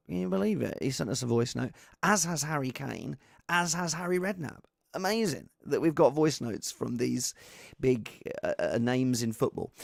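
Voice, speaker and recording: Gravelly, rambling male live-stream host. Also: medium pitch, dry recording, studio quality. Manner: rambling, self-deprecating. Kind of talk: casual live-stream chat.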